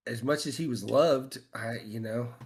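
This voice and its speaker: A man's voice: mid-range voice, normal speed, a little mellow, slight background noise. A man co-hosting a podcast, chatting casually in short agreeing replies.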